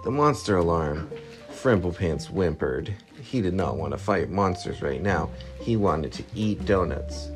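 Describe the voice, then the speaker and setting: A man reading a storybook aloud to his child, lively and expressive, with a gravelly voice. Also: low-pitched, measured pace, over music. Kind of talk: bedtime story read-aloud.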